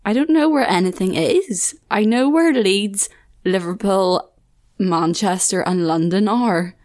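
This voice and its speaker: A young woman with a southern Irish accent, hosting a podcast in casual chat, laughing often and adding quick asides. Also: medium pitch, a little mellow. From Ireland. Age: 20s. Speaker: podcast host.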